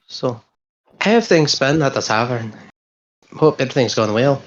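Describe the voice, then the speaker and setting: A woman's voice: very deep voice, animated, moderate pace, slight background noise. A woman playing in a tabletop role-play game, who talks hesitantly and often restarts her sentences. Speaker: player. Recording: slightly dull lo-fi mic.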